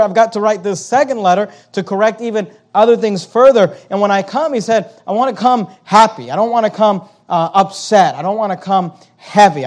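A man with a notably high voice delivers a sermon as pastor. He walks through a passage verse by verse, stopping to define key words and telling listeners to underline them. When he voices the apostle's words he grows louder and more emphatic. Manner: expository preaching, repeating key words and urging note-taking.

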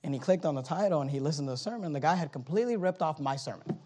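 Man, pastor, high voice, sermon, church, quiet then loud, repetitive, stammering restarts. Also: expressive, very fast, a little hiss or hum. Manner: swings from low, quiet talk to high, loud exhortation; repeats phrases, stammering restarts.

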